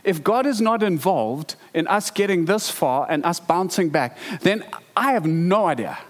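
Emphatic preacher in a reverberant hall. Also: male voice, high-pitched, normal speed. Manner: emphatic, animated preaching with rhetorical questions. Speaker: pastor. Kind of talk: sermon.

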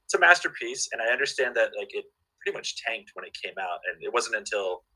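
A man's voice: medium pitch, sing-song, quick pace, pushed and bright, rough recording. A man chatting casually as a guest, telling stories with lots of fillers and restarts. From Southern California. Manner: enthusiastic storyteller, many fillers and restarts. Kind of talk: casual chat.

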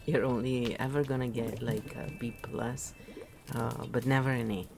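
A woman's voice: very deep voice, fairly even intonation, moderate pace, vocal fry, over music. A woman from Italy giving a casual, rambling spiritual talk, often laughing at her own jokes. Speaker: podcast host.

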